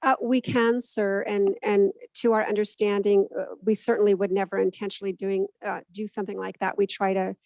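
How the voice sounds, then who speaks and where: A woman's voice: mid-range voice, level tone, fairly quick, few pauses, a little mellow, no room sound, poor audio. A woman serving as mayor, chairing a council meeting in a polite but firm way and stepping in to keep order. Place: council chamber.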